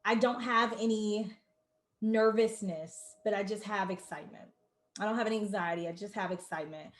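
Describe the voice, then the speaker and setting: A woman's voice: medium pitch, fairly even intonation, moderate pace, echoey room. A woman hosting an online launch party over a video call, effusive and emotional, greeting viewers by name.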